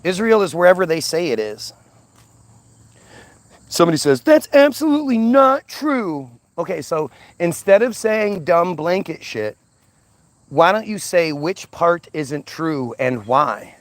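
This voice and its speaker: Male commentator, agitated unscripted rant, raised pitch, stumbling repeats. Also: expressive, unhurried, no echo. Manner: ranting, agitated; repeats and restarts words. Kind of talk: unscripted monologue.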